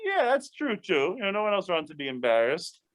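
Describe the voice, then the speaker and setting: A fairly high-voiced man teaches a casual Bible study as a rabbi. He is animated and chatty. He restarts his sentences often and wanders into asides. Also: fast talker.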